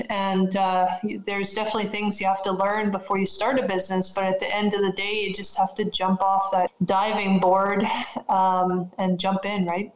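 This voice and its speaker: A woman's voice: mid-range voice, flat delivery, normal speed. Encouraging woman in a roomy space. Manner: encouraging, advice-giving. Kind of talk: casual podcast chat.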